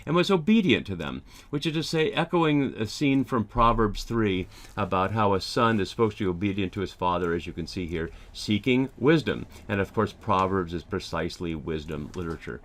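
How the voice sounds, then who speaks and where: A man teaching a Bible lesson over slides, thoughtful and pausing often with ums and restarts. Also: lowish voice, expressive.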